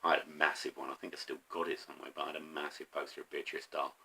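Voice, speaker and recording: A middle-aged man talking casually to camera about his favourite records, eager but halting, with many pauses and ums. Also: extremely low pitch, little pitch movement, gravelly, pushed and bright, breathy edge. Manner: enthusiastic, halting with frequent ums. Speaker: vinyl record collector vlogger.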